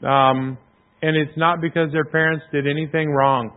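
Male preacher, casual and self-deprecating, slightly high voice, tinny phone-line sound. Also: little pitch movement, normal speed. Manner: conversational, self-deprecating, clears throat often. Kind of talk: sermon.

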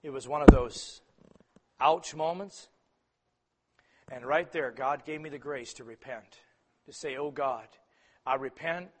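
A man preaching a sermon to fathers, swinging from loud emphatic peaks to soft, quiet asides. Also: medium pitch, measured pace, pauses often, slightly rough.

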